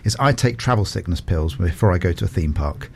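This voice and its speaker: A man hosting a radio show, firing off playful quick questions and laughing often. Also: low-pitched, animated, gravelly, a little hiss or hum. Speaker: radio host. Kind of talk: casual quick-fire interview.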